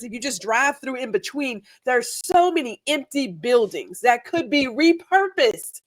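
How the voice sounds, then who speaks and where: A woman's voice: high voice, big pitch swings, unhurried, hardly any pauses. A woman from Houston talking in a casual group chat, emphatic, repeating her points for effect. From Texas, Houston. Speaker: guest.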